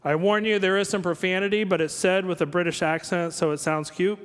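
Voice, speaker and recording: High-voiced pastor in an echoing church. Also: male voice, steady tone, fairly quick, noisy background. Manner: conversational storytelling with asides and small jokes. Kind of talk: sermon.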